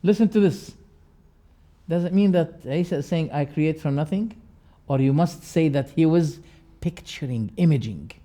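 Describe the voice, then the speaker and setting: A man teaching a lecture on religious creed, emphatic and repeating key words, with sharp rises and quiet drops. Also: fairly high pitch, moderate pace.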